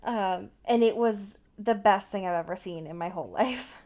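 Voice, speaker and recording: A woman's voice: medium pitch, moderate pace, dark tone. A woman co-hosting a podcast, recapping a TV episode in a loose, casual chat full of swearing and fillers. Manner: loose, profane, full of fillers and acted-out quotes. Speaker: podcast co-host.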